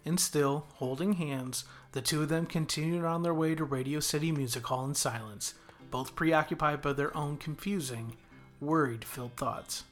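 A man reading a story chapter aloud as a guest narrator, in a steady, measured way. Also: a little high, faint music behind. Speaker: guest reader. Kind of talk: audiobook narration.

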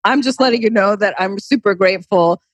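A woman hosting a podcast in a casual chat, upbeat and quick to agree. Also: mid-range voice, slightly rough, dry recording. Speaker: podcast host.

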